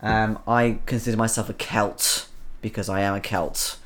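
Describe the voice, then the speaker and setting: A man's voice: on the low side, level tone, moderate pace, a bit bright. A man from the Isle of Man hosting a live stream, chatting casually and reading out viewer comments, rambling with frequent ums. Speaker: livestream host reading chat.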